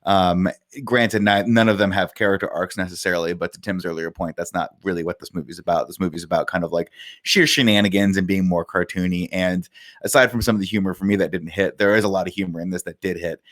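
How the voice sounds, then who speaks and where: A man with a very deep voice co-hosts a casual podcast. He rambles easily and laughs between points. The mic is close in a dry room. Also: steady tone, fast talker, a bit bright, no room sound. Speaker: podcast co-host.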